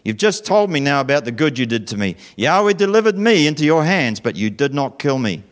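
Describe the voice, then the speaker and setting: A man's voice: fairly high pitch, big pitch swings, fairly quick, pitched above the performer's own voice. A man doing a tearful old king. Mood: remorseful. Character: remorseful old male king, weeping.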